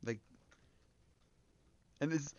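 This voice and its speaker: A man's voice: very slow, lo-fi sound. A young man from Canada chatting casually on a game livestream, joking and swearing with frequent laughs. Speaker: streamer.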